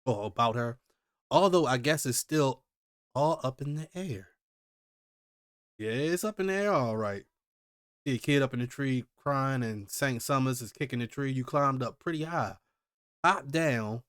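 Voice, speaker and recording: A man hosting a live manga reaction, reading the pages aloud and reacting with loud, slangy exclamations. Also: medium pitch, normal speed, long pauses, clear, resonant tone, no room sound, clean studio sound. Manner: animated, exclaiming, slangy commentary.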